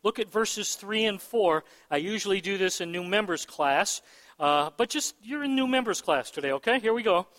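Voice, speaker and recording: A man's voice: sits high, expressive, moderate pace, fairly bright tone. A male pastor giving a sermon to a congregation, answering questions with emphasis and often checking that listeners follow. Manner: emphatic, asks the room for agreement. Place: church hall with balcony. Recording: long hall reverb.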